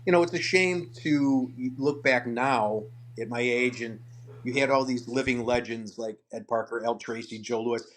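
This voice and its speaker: A man's voice: medium pitch, moderate pace. An older man, a martial arts guest, telling stories in a casual interview, acting out what others said and often repeating words. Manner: animated storyteller, acts out quotes, repeats words.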